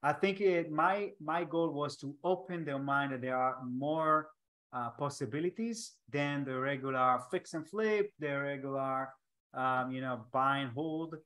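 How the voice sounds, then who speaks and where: A man's voice: a little high, fairly bright tone. Israeli man hosting a podcast interview. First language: Hebrew. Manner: halting, restarts often, non-native grammar. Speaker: podcast host. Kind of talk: casual interview over a video call.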